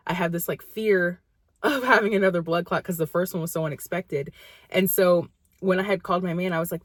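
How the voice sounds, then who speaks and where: A woman's voice: fairly low pitch, fairly quick, dry recording. A young woman vlogger telling a personal story in a rambling, casual way, full of fillers.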